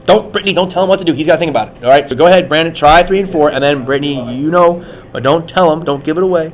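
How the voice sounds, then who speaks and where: A man's voice: fairly high pitch, animated, fast, long pauses, phone-quality sound. A man teaching a math class, talking casually and thinking aloud as he coaxes students through problems. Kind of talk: classroom lecture.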